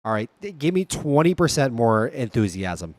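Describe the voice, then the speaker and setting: A young man hosting a casual livestream, upbeat and playful, firing off quick sign-off patter to his viewers. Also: medium pitch, sing-song, a little mellow, dry recording. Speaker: livestream host.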